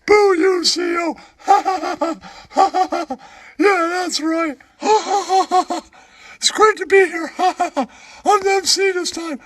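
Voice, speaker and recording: A man voicing a giggling, shrill-voiced male comic who emcees and cackles between lines. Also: very slow, a bit bright, no echo, exaggerated voice. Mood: giggly.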